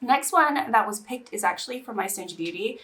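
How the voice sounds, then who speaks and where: A woman's voice: mid-range voice, animated, brisk, a bit bright, distant mic. A young woman in casual get-ready-with-me chat, emotional and teary, sighing between bursts of chatter. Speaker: beauty vlogger. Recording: voice a little off-mic.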